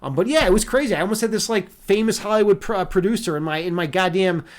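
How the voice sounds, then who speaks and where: A man's voice: sits high, animated, fast. A man streaming casually and talking with his chat in a loose, profane, rambling way. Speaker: livestreamer and meditation teacher. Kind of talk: casual livestream chat reading viewer comments.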